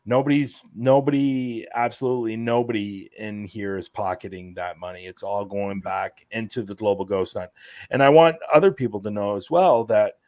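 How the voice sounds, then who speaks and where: A man's voice: on the low side, normal speed, darkish tone, dry recording. Rambling man, dry close sound. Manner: rambling, explaining, many fillers. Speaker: guest, event organizer. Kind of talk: casual podcast interview.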